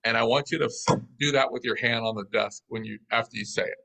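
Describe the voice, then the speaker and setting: A man telling a business story as an interview guest, in a lively, anecdotal way. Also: mid-range voice, fast talker, vocal fry, rough recording.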